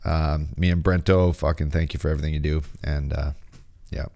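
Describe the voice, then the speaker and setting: A man's voice: very deep voice, level tone, a little fast, a little mellow. A man co-hosting a podcast, a former pro hockey player telling a story in casual, profane, rambling chat.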